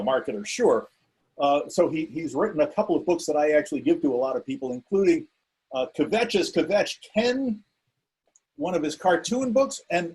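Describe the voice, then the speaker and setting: Male host, husky and fairly high voice, loose and joking, introducing speakers over a video call. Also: darkish tone, poor audio. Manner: loose, joking, self-correcting. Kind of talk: casual introduction.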